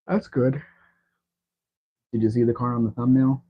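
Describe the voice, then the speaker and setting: A man's voice: mid-range voice, steady tone, normal speed, breathy edge. A man hosting a casual livestream chat, talking in a rambling, chatty way. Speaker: livestream host. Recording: dull lo-fi stream audio.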